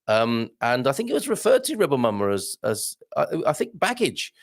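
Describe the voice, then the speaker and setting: Wry chatty British man with gravelly voice. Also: mid-range voice, wildly swooping pitch, normal speed. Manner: chatty, wry, lots of ums and asides. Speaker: live show host reading viewer comments. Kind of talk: casual live-stream chat.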